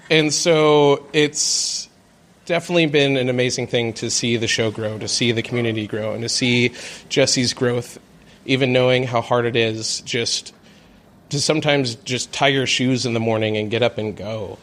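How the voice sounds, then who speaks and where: A man's voice: mid-range voice, steady tone, moderate pace, fairly bright tone, slight background noise. A man co-hosting a live storytelling night in a small cafe, wrapping up in a casual, grateful way. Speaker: co-host. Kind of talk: live show closing remarks.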